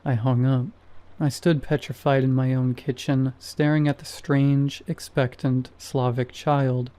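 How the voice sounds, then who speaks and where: A man narrating a first-person horror story in a measured, scripted way. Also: medium pitch, little pitch movement, warm tone.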